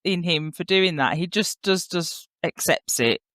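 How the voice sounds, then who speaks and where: A British-accented woman speaks slowly in an easygoing way, with a lot of movement in her pitch. She agrees and laughs along as a podcast guest. She is recorded dry and close. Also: expressive, a bit bright, no room sound. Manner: unhurried, agreeable, laughs often. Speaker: guest co-host. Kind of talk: casual recap chat.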